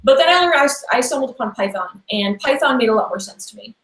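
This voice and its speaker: A woman's voice: fairly high pitch, animated, fast talker, a bit bright. A woman guest in a casual interview, talking in a rambling, chatty way with lots of "like" and restarts. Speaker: podcast guest. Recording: echoey room sound.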